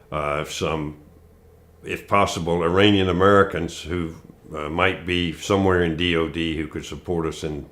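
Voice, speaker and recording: A man in an interview recalling past events in a measured way, pausing with fillers. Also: sits low. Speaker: interviewee, former officer. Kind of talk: recounting in an interview.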